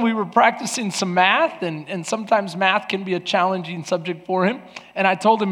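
Brief: male pastor preaching in a big church, high voice, long reverb, repeats himself. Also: normal speed. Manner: preaching with a loud, lively delivery that drops to soft, earnest talk; repeats words and restarts often. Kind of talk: sermon. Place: large church.

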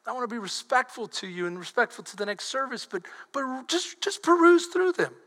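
High-voiced pastor preaching animatedly. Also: male voice, a little fast. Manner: animated, switches to shouting when quoting. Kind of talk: sermon. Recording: long hall reverb.

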